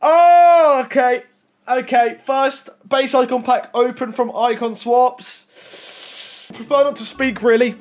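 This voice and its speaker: Excitable young man, high voice. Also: slow. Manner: excitable, swings from muttering to shouting. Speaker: gaming YouTuber. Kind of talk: casual pack-opening commentary. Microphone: desk microphone.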